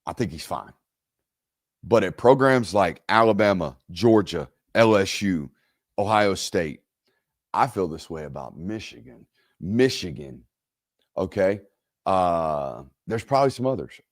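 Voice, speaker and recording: A man hosting a solo live college football reaction show, who gets loud and high when he rants. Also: unhurried, no room sound, clean studio sound. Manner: animated, goes loud and high when ranting. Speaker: sports show host. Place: studio.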